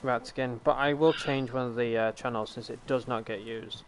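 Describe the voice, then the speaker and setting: A young British man hosting a live stream, chatting casually in a relaxed, rambling way with lots of fillers. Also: mid-range voice, normal speed, a little hiss or hum. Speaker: streamer host.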